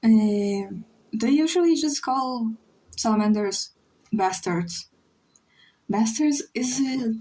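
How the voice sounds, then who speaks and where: Young woman streamer, husky tone, unhurried teasing banter while she draws. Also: on the high side, animated, mellow, low-quality recording. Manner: rambling, teasing, switching into Spanish. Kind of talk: casual livestream chat while drawing.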